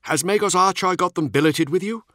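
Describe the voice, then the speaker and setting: A man's voice: high-pitched, fairly quick, a bit bright, no echo, studio quality, voice pushed up. A man voicing an earnest space marine officer, lifting his voice well above his usual register.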